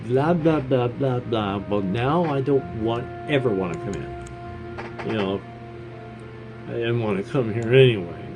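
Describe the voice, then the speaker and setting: A man in his fifties talks through his gameplay in a sarcastic, self-deprecating ramble. He speaks at a slow, unhurried pace and a middling pitch. Music plays clearly underneath him. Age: 50s. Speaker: gamer. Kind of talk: gameplay commentary.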